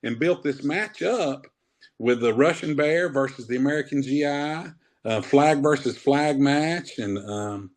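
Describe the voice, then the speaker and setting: A man's voice: medium pitch, a little slow. Brief: fifties male wrestler guest, easygoing rambling storyteller, mid-range voice. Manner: rambling, laid-back, says man often. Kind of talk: casual interview storytelling.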